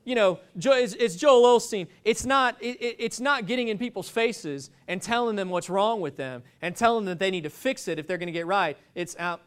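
A man's voice: high-pitched, a little fast, few pauses, clear, resonant tone. A man preaching a sermon, telling stories in a rambling, joking way with many restarts.

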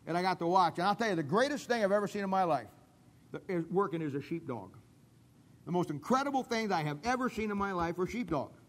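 A man's voice: on the high side, in a large hall. A male preacher telling a story in a sermon, folksy and rambling, full of asides. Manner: folksy, rambling, full of "I mean" and "you know".

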